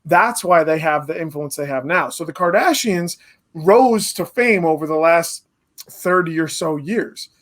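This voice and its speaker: A man's voice: on the high side, lively intonation, measured pace, fairly bright tone. A man co-hosting a casual podcast, arguing his points emphatically and repeating phrases for stress. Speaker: podcast co-host. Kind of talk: casual chat.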